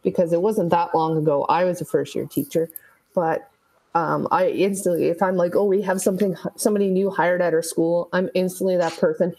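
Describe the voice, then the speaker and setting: Female educator guest, lower register, casual and talkative. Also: fairly quick, warm tone, rough recording. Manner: chatty, laughs often, many fillers. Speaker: teacher, podcast guest. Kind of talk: casual interview chat.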